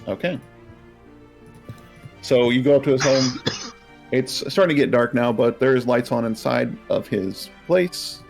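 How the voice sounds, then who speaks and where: A man's voice: mid-range voice, a little slow, gravelly, pauses often, faint music behind. A man narrating as game master in a casual tabletop game session.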